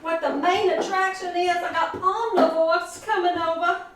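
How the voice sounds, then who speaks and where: A woman's voice: very high-pitched, fairly even intonation, moderate pace, echoey room, recorded from a distance, a little hiss or hum. A woman voicing a fretful female butternut squash who confides her worries in a gossipy way. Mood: fretting.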